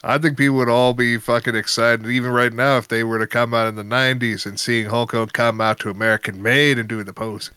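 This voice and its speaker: A man's voice: medium pitch, steady tone, a little fast, few pauses, bright, forceful tone, clean tone, no echo, clean studio sound. Laid-back man co-hosting wrestling chat. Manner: laid-back, swears casually. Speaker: podcast co-host.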